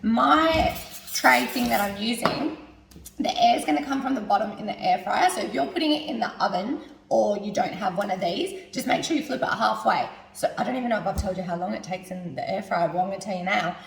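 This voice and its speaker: A woman's voice: medium pitch, a little fast, creaky, a little hiss or hum. A woman hosting a casual cooking vlog from her home kitchen, hungover, giggly and rambling as she chats. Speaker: cooking show host. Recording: echoey kitchen, mic at a distance.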